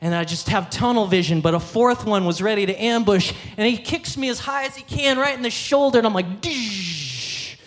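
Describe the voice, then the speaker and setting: Guy from the band telling a story onstage, high voice, really animated, jumps up in pitch to act stuff out. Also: a little fast, hardly any pauses. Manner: animated, acts out scenes with sudden jumps in pitch. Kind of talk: live stage storytelling. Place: theater stage at a live concert.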